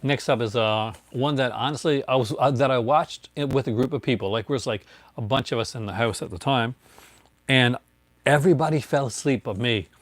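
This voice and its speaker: A man's voice: medium pitch, a little fast. This is a man in an easygoing show-and-tell, chatting loosely, chuckling often and calling out to viewers by name. His voice sits in a middling register. The sound is dry and close, with no room echo. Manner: chatty, rambling, laughs often, greets viewers. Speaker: collector showing his discs. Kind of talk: casual livestream show-and-tell.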